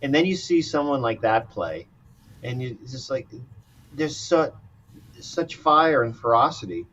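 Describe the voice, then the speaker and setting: A man's voice: medium pitch, very animated, a little slow, fairly bright tone. A man hosting a casual chat, an eager listener who laughs along with the stories. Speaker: show host. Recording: dull distant mic with faint noise.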